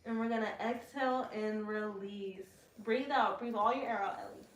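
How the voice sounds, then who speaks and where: A woman leading a casual guided yoga class at home, giving relaxed cues with joking asides. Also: fairly high pitch, normal speed. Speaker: yoga instructor. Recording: echoey room, mic far off, faint noise.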